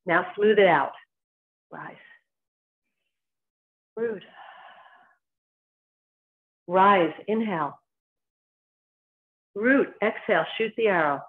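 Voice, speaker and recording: A woman's voice: medium pitch, drawn-out words, pauses often. A woman with a New Jersey accent leading a qigong class, giving short spoken cues timed to each movement. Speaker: qigong instructor. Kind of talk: guided exercise class instruction. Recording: tinny phone-like sound.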